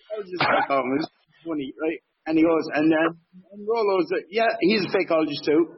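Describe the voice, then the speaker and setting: A man's voice: on the high side, brisk, husky, muffled recording. A man telling a story in a casual chat, acting out the quotes, swearing and laughing often.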